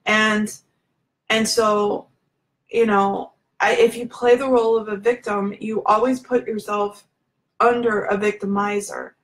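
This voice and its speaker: Slightly slow and level in tone, a woman with a medium-pitched voice confides in her viewers during a live video, speaking directly to them as a spiritual self-help speaker. Her candid, informal delivery is full of fillers and restarts, and the recording is rough.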